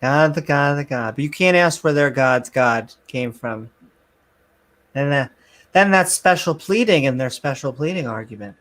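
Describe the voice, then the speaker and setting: A man co-hosting a casual podcast chat, telling stories in an animated way and laughing often. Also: mid-range voice, normal speed. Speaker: podcast co-host.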